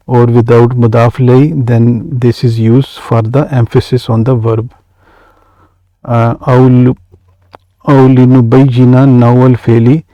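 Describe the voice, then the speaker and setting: A man's voice: medium pitch, dark tone, dry recording, low-quality recording. A man teaching an Arabic grammar lesson, reading Arabic phrases and then explaining each one in English with frequent hesitations.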